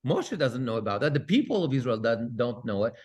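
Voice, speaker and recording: This cantor's voice is mid-range and fairly quick. He reads Hebrew verses aloud for a Bible study class, translating them and drawing students in with lively questions.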